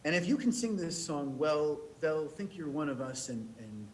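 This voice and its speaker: A man's voice: a little high, animated, slight background noise, lightly acted, rough recording. A man voicing a brash young male Israeli camp counselor who talks bluntly and in a hurry. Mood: reassuring. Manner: blunt, hurried, teasing.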